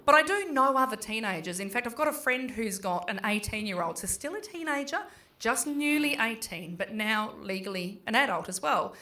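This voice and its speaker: A middle-aged Australian woman works a small pub crowd with a stand-up set. Her voice is bright and lifted and sits a little high. She talks casually, swears freely and acts out her kids in quick voices. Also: lively intonation. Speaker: stand-up comedian.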